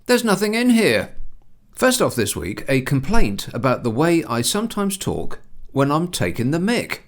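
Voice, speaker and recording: A man hosting a talk radio show, bantering in a sarcastic, deadpan way. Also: on the high side, normal speed, dry recording, studio quality. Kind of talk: solo talk radio chat.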